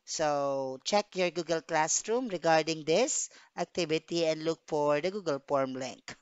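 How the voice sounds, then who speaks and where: A woman's voice: deep voice, unhurried, clear, resonant tone, no room sound. A woman English teacher giving a recorded lesson, explaining tasks step by step and checking in with "okay". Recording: dull dry recording.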